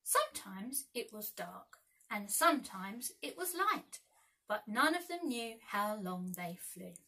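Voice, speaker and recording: A woman teacher reading a children's storybook aloud with lively expression. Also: medium pitch, slow, poor audio.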